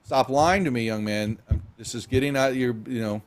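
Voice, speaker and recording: A man's voice: mid-range voice, normal speed, slight background noise, close to an everyday voice. A man voicing a stern scolding woman. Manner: scolding, firm.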